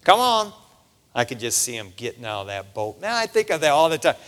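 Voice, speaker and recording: Lively middle-aged male preacher in a reverberant hall. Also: mid-range voice, quick pace, clear, resonant tone. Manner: animated, conversational, peppers lines with "man". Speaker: pastor. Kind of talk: casual preaching sermon. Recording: long reverb of a large hall.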